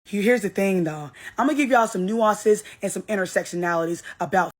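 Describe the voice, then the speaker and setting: A woman's voice: mid-range voice, brisk. Brash, blunt young woman ranting to camera. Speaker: social media creator. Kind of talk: selfie video rant.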